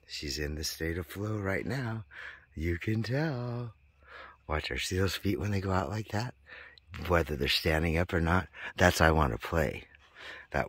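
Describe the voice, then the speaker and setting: A man's voice: extremely low pitch, slow pace, long pauses, fairly bright tone, breathy edge, no room sound. A man talking to his viewers in a meandering, tangential monologue, full of fillers and restarts. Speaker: vlogger.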